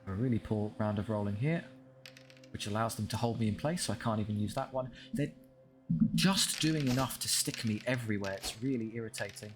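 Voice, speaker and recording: Man, young adult, low-pitched, wry frustrated game commentary, talks to units, music in background. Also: fairly quick. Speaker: gaming channel host.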